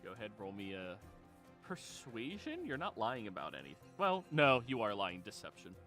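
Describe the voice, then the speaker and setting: Bright-voiced man running a tabletop game. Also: lowish voice, huge pitch swings, soft background music. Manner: casual, quick rulings, laughs often. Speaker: game master.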